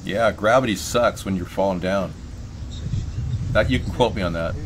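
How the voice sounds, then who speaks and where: A man's voice: sits low, moderate pace, slight background noise. A man hosting a political livestream, rambling and joking with sarcasm. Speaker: livestream show host.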